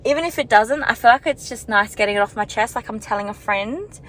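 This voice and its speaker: A woman's voice: a little high, fast talker, a bit bright, poor audio. A young woman talking to her camera while walking outdoors, in a rambling, chatty, self-reflective way with lots of filler words. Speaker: vlogger. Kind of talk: casual vlog chat.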